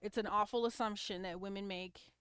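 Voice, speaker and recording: A woman's voice: medium pitch, fairly even intonation, brisk, fairly bright tone, clear, resonant tone, dry recording, studio quality. A woman hosting a casual livestream, giving opinionated commentary on clips and reacting to viewer comments. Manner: opinionated, talks back to chat comments.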